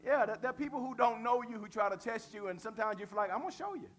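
Lively, high-voiced man preaching. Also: quick pace, soft background music. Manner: lively and conversational, asks the congregation questions, uses slang. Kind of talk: sermon.

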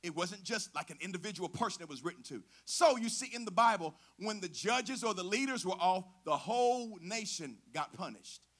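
A man preaching a sermon in a lively, conversational way, asking the congregation questions and using slang. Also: high voice, moderate pace, hardly any pauses.

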